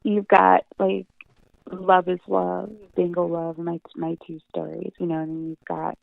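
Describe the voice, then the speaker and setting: Woman interview guest, gravelly and animated, salty language, thin phone-line sound. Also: on the low side, measured pace, dry recording. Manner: animated, swears freely, laughs often. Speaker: comic book writer, guest. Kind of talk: casual interview chat.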